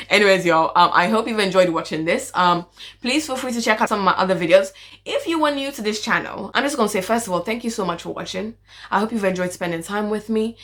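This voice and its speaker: A young woman chatting casually as a vlogger, playful and excitable, slipping into sing-song. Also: mid-range voice. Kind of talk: casual chat.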